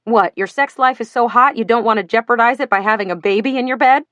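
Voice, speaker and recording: A woman voicing a loud, sarcastic mother in an audiobook, shrieking and mocking. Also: fairly high pitch, fast, no room sound, highs cut off, lightly acted.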